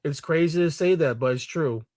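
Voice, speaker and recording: A man rants bluntly in a vlog, swearing freely and getting heated. His voice sits a little high for a man. The sound is dry and close, with no room echo. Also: normal speed, darkish tone. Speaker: commentary vlogger. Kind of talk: ranting commentary.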